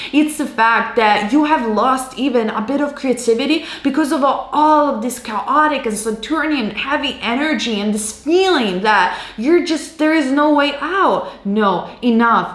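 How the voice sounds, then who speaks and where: A woman's voice: fairly high pitch, a bit bright. Reassuring woman reading tarot, roomy. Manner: emphatic, reassuring, repetitive. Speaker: tarot card reader. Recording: roomy echo.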